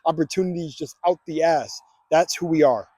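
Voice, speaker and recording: A man's voice: on the high side, normal speed, mellow, slightly rough, no room sound, studio quality. A young man recording a motivational vlog on his phone while out walking, speaking with energy and chanting affirmations like a preacher. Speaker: vlogger. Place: outdoors on a walk. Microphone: phone camera.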